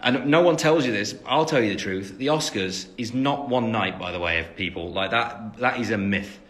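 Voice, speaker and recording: Chatting on his phone during a casual live-stream Q&A, a young singer from the English West Midlands reads out fan questions, dropping plenty of ums along the way. His English-accented voice is on the low side and fairly bright, at a moderate pace.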